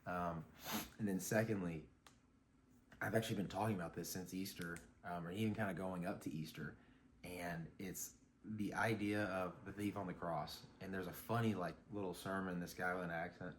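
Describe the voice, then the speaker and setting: Deep-voiced man musing in a rambling vlog. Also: steady tone, moderate pace, slight background noise. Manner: rambling, reflective, many fillers and restarts. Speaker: vlogger. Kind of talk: casual talking vlog. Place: outdoors on a morning run.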